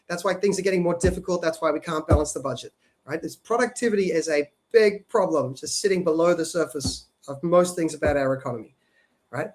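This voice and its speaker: Aussie guy on a policy podcast, fairly high voice, explaining tax stuff casually, keeps saying "right?". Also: brisk, darkish tone. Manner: explanatory, frequent "right?" tag questions. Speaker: podcast co-host.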